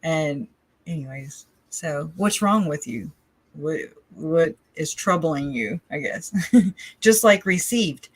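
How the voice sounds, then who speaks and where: A woman's voice: deep voice, expressive, takes it slowly, husky, no room sound. A woman from the Southern United States hosting a casual livestream, rambling and chatty, often laughing between her thoughts. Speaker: livestream host.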